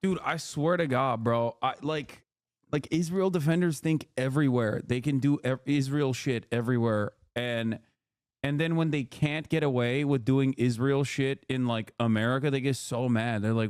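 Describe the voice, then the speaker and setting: A man's voice: mid-range voice, normal speed, a little mellow, smooth, dry recording, studio quality. A man streaming live, reacting to videos in loose, sarcastic casual commentary and laughing as he talks.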